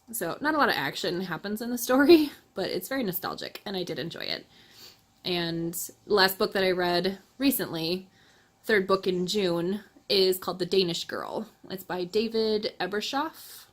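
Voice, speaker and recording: A woman hosting her channel, chatting casually about books she read, laughing often and correcting herself as she goes. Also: fairly low pitch. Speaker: book reviewer, channel host. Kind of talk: casual book review chat.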